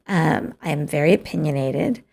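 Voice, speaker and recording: A woman's voice: sits low, normal speed, vocal fry, darkish tone. A woman host telling a personal story in a candid, confessional way, with frequent hesitant restarts. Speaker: podcast host.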